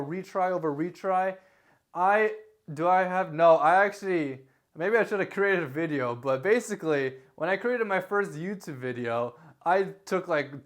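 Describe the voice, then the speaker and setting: A young man talks straight to his camera indoors, rambling through tips and correcting himself as he goes. His voice sits a little high for a man, and his volume rises and falls as he gestures. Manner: rambling, self-correcting, lively delivery with varied loudness; gesturing with his hands while talking. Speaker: YouTuber giving tips. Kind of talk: casual talking-head advice vlog. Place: indoor room, recording himself. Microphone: camera facing him.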